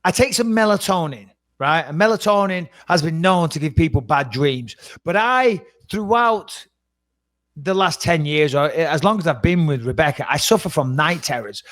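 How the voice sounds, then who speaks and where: A middle-aged man on a podcast, telling a dramatic story in a lively, swearing, casual way. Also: fairly high pitch, normal speed, dry recording, soft background music. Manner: animated, swearing, dramatic retelling. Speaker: podcast co-host.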